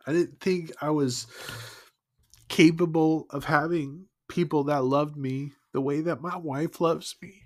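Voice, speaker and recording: A man sharing his personal faith testimony in an earnest, emotional, halting way. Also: on the high side, steady tone.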